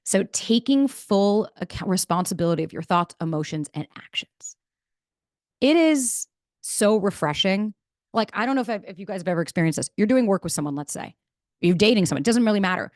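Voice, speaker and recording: A woman, giving a blunt, animated motivational talk as a podcast host and swearing freely. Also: mid-range voice, dry recording, clean studio sound.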